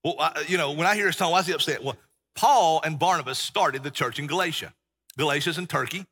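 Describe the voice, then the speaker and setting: A middle-aged pastor preaches a sermon in a church sanctuary, folksy and emphatic. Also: male voice, on the high side, fast, sharp tone, husky. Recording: long church-hall reverb.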